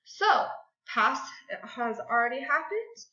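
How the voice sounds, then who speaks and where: A woman's voice: high voice, sing-song, bright, forceful tone. Sing-song woman teaching phonics. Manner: slow, sing-song teacher voice, clapping out syllables. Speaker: second grade teacher. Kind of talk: classroom grammar and phonics lesson. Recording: echoey room, dull lo-fi sound.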